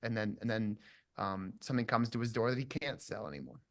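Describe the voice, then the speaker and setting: A man's voice: on the low side, a little fast, fairly bright tone. A man from southern Minnesota, an actor, talking casually and thoughtfully about his role, circling back with restarts and fillers. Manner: reflective, rambling, full of restarts and fillers. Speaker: actor guest. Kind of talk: casual interview chat.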